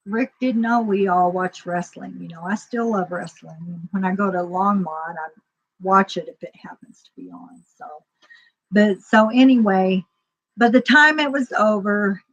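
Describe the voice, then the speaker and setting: A woman's voice: medium pitch, fairly bright tone, muffled recording. A woman casually telling a personal story, rambling, with lots of fillers and acted-out dialogue.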